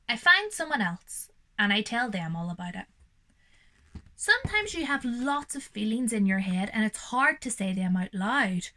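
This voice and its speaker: A young woman reading a picture book aloud to young children and explaining it gently and reassuringly, as their teacher. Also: a little high.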